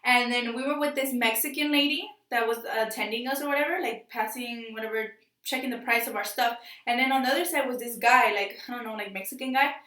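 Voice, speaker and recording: A young adult woman telling a casual storytime vlog in an excitable, slangy, rambling way with many fillers. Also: on the high side, fast talker. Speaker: vlogger. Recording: echoey room, distant mic.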